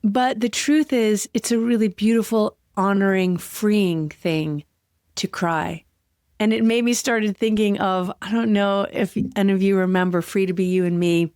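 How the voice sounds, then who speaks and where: A woman hosting a solo podcast, talking candidly and with heartfelt, gentle emotion. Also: medium pitch, steady tone, a little slow, smooth, dry recording, studio quality. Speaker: podcast host.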